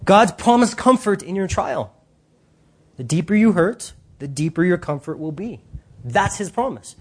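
Husky-voiced animated preacher man. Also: high voice, normal speed. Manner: animated, casual slang, acts out voices. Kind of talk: sermon.

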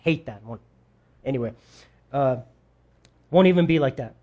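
A man preaching a sermon in a casual, conversational way, acting out quoted voices with big jumps in pitch and talking straight to his audience. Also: normal speed, phone-quality sound. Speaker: pastor.

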